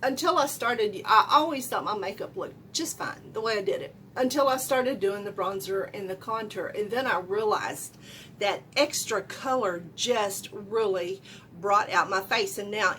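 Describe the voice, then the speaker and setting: A middle-aged woman giving a casual makeup tutorial at home, chatty and loud, often asking viewers questions. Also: a little high, slight background noise. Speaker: beauty vlogger.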